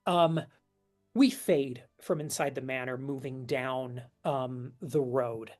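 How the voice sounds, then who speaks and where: A woman narrating as game master of a tabletop role-play in a halting, unhurried way. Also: extremely low pitch, darkish tone, faint music behind.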